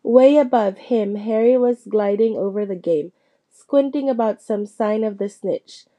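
A woman's voice: unhurried, lo-fi sound. A woman narrating a storybook, reading it aloud and lifting her voice for the characters' lines. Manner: lively, shifts pitch for quoted characters. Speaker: audiobook reader.

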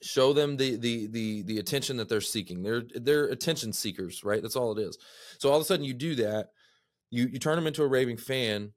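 A man's voice: mid-range voice, fairly quick, no echo, studio quality. A man hosting a podcast, chatting casually and telling stories with lots of "man" and "dude" fillers. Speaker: podcast host. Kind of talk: animated casual interview chat.

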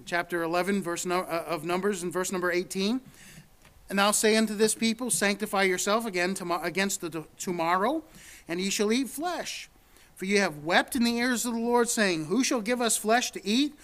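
High-voiced man preaching. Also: normal speed, fairly bright tone. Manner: earnest, repeats words, rises for emphasis. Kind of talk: sermon with scripture reading.

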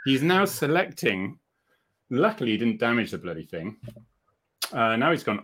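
A man's voice: medium pitch, sing-song, normal speed, pauses often, a bit bright, slightly rough. A man co-hosting a live online chat in a joking, chatty way, easily flustered by technical trouble. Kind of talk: casual live-stream chat.

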